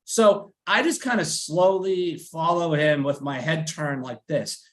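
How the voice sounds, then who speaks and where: A man's voice: on the high side, a little slow. A man around forty with a Boston accent, telling a profane story as a podcast host and acting out the other people's lines. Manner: animated, profane, acts out quotes in exaggerated voices. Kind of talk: casual storytelling chat.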